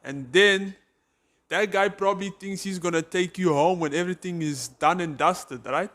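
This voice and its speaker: A man's voice: high-pitched, normal speed, a bit bright. A South African man co-hosting a podcast, rambling and joking in casual chat. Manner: jokey, rambling. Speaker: podcast co-host.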